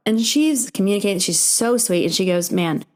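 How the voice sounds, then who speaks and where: A young woman hosting a podcast, telling a long story in a casual, animated way and acting out the voices of the people in it. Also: medium pitch, normal speed. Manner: animated, acts out quoted voices in her stories. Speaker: podcast host.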